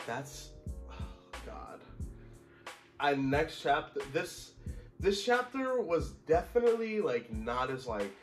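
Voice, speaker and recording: A man's voice: a little high, sing-song, slow, faint music behind. A man reacting to a manga chapter in casual commentary, exclaiming and swearing and calling the listener bro. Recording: echoey room.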